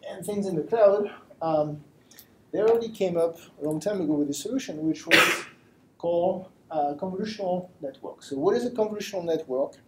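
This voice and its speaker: A man's voice: on the high side, slight background noise, rough recording. A man with a French accent giving a live lecture to a study group, self-deprecating and explaining with simple examples. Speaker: guest lecturer. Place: room with a live audience.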